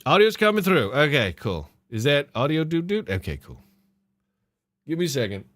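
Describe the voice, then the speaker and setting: A man's voice: on the high side, sing-song, normal speed, a bit bright. A man hosting a podcast, reacting to clips with mocking laughter and swearing. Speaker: podcast host. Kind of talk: casual commentary on clips.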